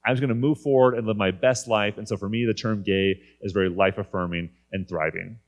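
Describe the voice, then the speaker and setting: Candid man in his thirties, lowish voice. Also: steady tone, fairly quick. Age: 30s. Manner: candid, conversational. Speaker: guest speaker. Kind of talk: personal faith talk. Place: conference stage.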